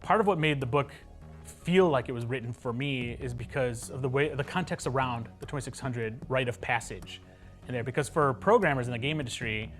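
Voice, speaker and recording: A man's voice: mid-range voice, a little fast, faint music behind. A man, a game developer, speaking earnestly and reflectively in a documentary interview.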